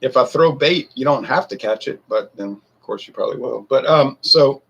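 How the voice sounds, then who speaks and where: A man's voice: medium pitch, expressive, moderate pace, creaky, a bit bright, slight background noise. A man in his forties who reviews whiskey, rambling and a bit defensive as he talks straight to his viewers. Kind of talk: casual talk to camera.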